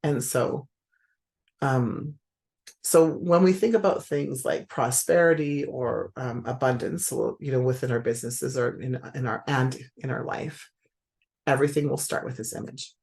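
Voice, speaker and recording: A woman's voice: rumbling low, unhurried, creaky, a little mellow. A middle-aged woman candidly telling a reflective personal story, often checking in with "right?". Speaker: speaker sharing personal growth lessons.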